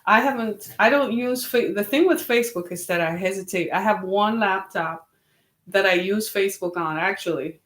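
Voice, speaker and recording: Woman host, casual chat to camera, tired and slightly wheezy, rambling and exasperated, mid-pitched voice, roomy echo. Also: moderate pace, a bit bright. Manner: chatty, exasperated, rambling asides. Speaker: web series host.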